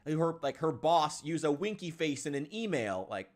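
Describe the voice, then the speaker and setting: Streamer, male, from Illinois: swings his pitch a lot, vents and swears freely over gameplay. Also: animated, normal speed, few pauses, a little mellow. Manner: frustrated ranting, swears often, sighs. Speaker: game streamer. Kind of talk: casual live-stream chat while gaming.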